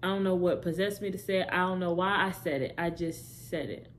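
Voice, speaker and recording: Speaking fairly quickly in a lowish voice, this young woman candidly tells her viewers her personal testimony, wandering off track and fixing her words as she goes. Slight background noise is audible.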